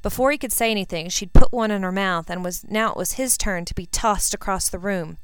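A woman reading a fan fiction story aloud, narrating in an even, unhurried way. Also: mid-range voice, clear, resonant tone, no echo. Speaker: reader.

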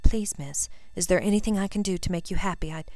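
A woman voicing a hulking, earnest teenage boy in a storybook reading, speaking in a gruff, blunt way. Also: lowish voice, brisk, mellow, no room sound, lightly acted. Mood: pleading.

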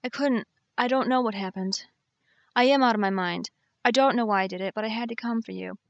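A woman's voice: on the high side, brisk, no echo, highs cut off, close to an everyday voice. A woman voicing a shaken young woman in an audiobook, choked and pleading. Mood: desperate.

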